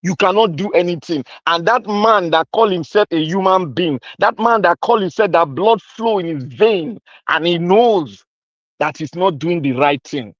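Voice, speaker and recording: A man's voice: high-pitched, expressive, normal speed, dry recording, highs cut off. Fiery Nigerian man ranting. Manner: fiery, accusatory, repetitive. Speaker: commentator. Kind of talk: impassioned political rant.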